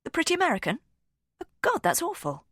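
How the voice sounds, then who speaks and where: A woman's voice: very high-pitched, huge pitch swings, quick pace, a bit bright, no echo, studio quality, pitched above the performer's own voice, exaggerated voice. A woman reading an audiobook, voicing a brittle, defensive young woman. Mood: startled.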